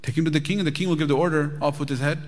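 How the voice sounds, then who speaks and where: A man's voice: a little high, racing. Chatty male teacher in a reverberant hall. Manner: lively, chatty, asks the audience "right?". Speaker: religious teacher. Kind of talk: storytelling lecture. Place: mosque hall.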